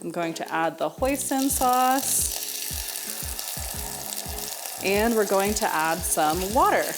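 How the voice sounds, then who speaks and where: A woman's voice: medium pitch, expressive, slow pace, noisy background. Woman, young adult, home cooking host, chatty, friendly, talks to the viewer. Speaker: home cook hosting a cooking video. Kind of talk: casual cooking demonstration.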